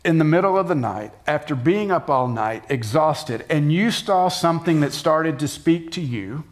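Preaching in a conversational style, this middle-aged male pastor drops his voice low and quiet to stress points, then leaps up into performed shouting.

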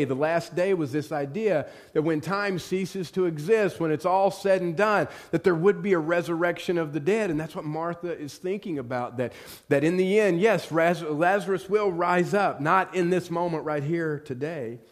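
Man preaching, hushed to fervent. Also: fairly high pitch, moderate pace. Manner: storytelling preaching that swings from hushed to loud and fervent. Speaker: pastor. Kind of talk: sermon.

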